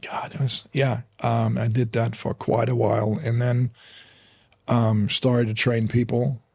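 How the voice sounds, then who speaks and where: A man's voice: medium pitch, level tone, measured pace, vocal fry, darkish tone, slightly rough, dry recording, studio quality. A middle-aged man from Berlin with a German accent, a guest in a casual interview, telling stories with many restarts and fillers. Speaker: guest, fitness trainer.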